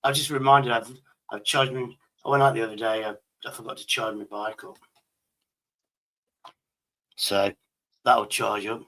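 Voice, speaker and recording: A man's voice: fairly low pitch, level tone, unhurried, long pauses, a bit bright, rough recording. A man from Britain hosting a stream, telling rambling stories in crude casual banter and swearing constantly. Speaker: stream host.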